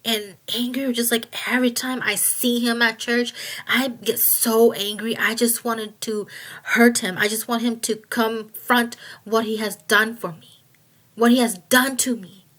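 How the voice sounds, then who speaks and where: A woman giving a personal testimony in a halting way, with many restarts, and going quiet at painful moments. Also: on the high side, steady tone. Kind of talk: personal testimony, casual retelling.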